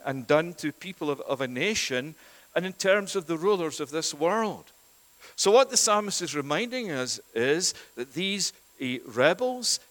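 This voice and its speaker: A man delivers an earnest, emphatic sermon, pressing his listeners with rhetorical questions. His voice sits a little high for a man. The long reverb of a church trails behind each phrase. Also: fairly bright tone. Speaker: preacher.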